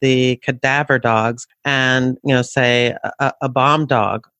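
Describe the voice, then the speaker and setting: A man's voice: medium pitch, steady tone, slow pace, pushed and bright, no room sound. A man hosting a podcast, asking long, chatty questions and repeating words as he builds them. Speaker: podcast host. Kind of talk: interview questions.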